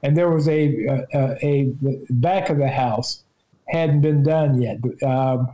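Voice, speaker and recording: A man's voice: a little high, dark tone, rough recording. A man appearing as a journalist guest in a casual podcast conversation, telling rambling stories with many restarts.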